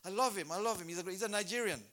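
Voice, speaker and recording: A man preaching a sermon at a church service, animated, repeating names and breaking into shouted exhortations. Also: high voice, rapid-fire.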